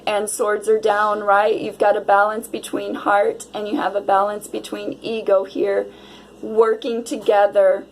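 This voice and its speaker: A woman's voice: mid-range voice, slight background noise, low-quality recording. A woman giving a casual tarot reading to her viewers, dreamy and exclamatory. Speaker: tarot reader.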